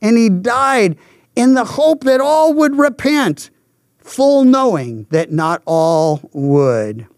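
An older man preaching a sermon in an emphatic, deliberate way, a pastor teaching from Scripture. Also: very high-pitched, very animated, darkish tone, no room sound, studio quality.

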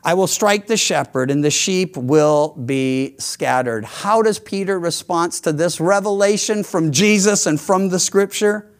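Guy with a high voice preaching, acts out the quotes, keeps restarting his sentences. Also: unhurried, hardly any pauses. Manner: animated storytelling, acting out quotes, frequent restarts. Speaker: pastor. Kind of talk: sermon.

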